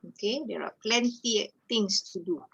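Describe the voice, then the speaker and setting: A woman's voice: mid-range voice, moderate pace, gravelly, a bit bright, slightly rough, dull audio. A woman from Malaysia giving a teacher-training webinar over a video call, tagging nearly every phrase with "okay" and "all right" and slipping into Malay now and then. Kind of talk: webinar lecture.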